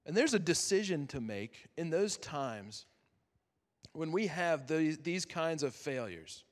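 A man preaching as a youth pastor, earnest and conversational, with dramatic pauses that drop to a near-whisper. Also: fairly high pitch, lively intonation. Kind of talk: sermon. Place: chapel. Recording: long chapel reverb.

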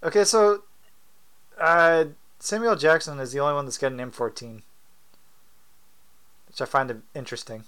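A man's voice: a little high, moderate pace, pauses often, fairly bright tone, clean tone. A man co-hosting a casual movie commentary, joking, laughing often and trading quips with friends. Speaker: podcast co-host.

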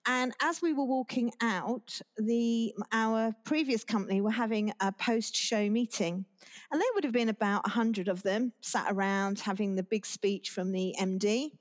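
A woman's voice: on the high side, normal speed. Woman telling a rambling anecdote. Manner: rambling anecdotal storytelling with restarts and laughs. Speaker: podcast guest. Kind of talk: casual interview chat.

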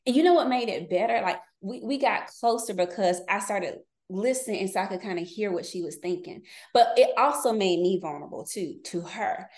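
A woman in her forties talks as a podcast guest, mid-pitched and relaxed. She tells personal stories in a candid, chatty way, laughing often and slipping into quick quoted voices. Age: 40s. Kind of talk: casual interview chat.

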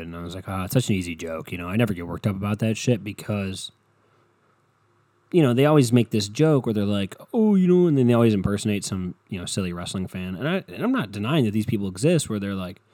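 A young man rambles through a loose, profane comedic monologue, telling stories and ranting as he goes. His voice sits low with a dark, mellow tone. The sound is dry and close, with no room around it. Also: fast, no room sound. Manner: rambling, profane, animated storytelling.

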